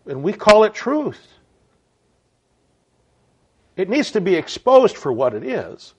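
A man's voice: high voice, big pitch swings, normal speed, darkish tone, breathy edge. A man giving a reflective spoken sermon message in an earnest way, with frequent stammered restarts. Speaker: preacher.

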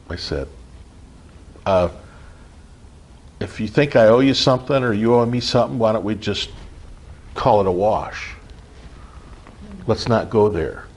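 Middle-aged man, husky voice, earnest informal preacher who keeps checking in with the group. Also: on the low side. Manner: earnest, repetitive, frequent "okay?" check-ins. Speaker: spiritual group leader. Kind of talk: informal spiritual teaching.

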